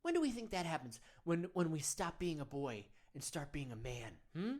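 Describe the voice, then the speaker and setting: A man's voice: fairly high pitch, big pitch swings, normal speed. A man playing an earnest men's-wellness guru. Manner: earnest, coaxing, rambling, prodding with "hmm?". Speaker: men's meditation guide. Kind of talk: comedic parody of guided meditation.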